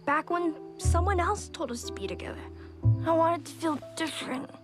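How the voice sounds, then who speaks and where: A woman voicing an earnest, hot-headed female gem warrior in an animated cartoon, speaking in a heartfelt, determined way. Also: very high voice, fairly quick, over music.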